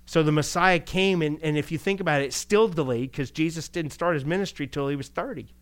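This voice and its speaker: Animated male pastor preaching conversationally. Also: on the high side, a little fast. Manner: animated, rhetorical questions, chuckles. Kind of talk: conversational sermon.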